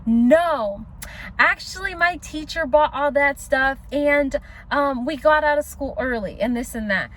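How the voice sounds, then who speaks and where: A defensive teenage girl, put on by a woman vlogger, dodges questions with offhand excuses in a high voice. She is dismissive and evasive. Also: measured pace, fairly bright tone.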